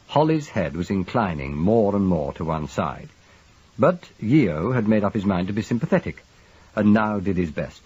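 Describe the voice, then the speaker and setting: A man narrating a detective novel as an audiobook, measured and expressive. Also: fairly low pitch, breathy edge, muffled recording.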